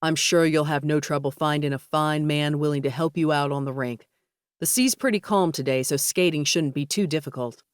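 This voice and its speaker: A woman's voice: low voice, normal speed, clear, resonant tone, no room sound, clean studio sound, close to an everyday voice. A woman voicing an earnest male cruise director in an audiobook, dropping her voice a little.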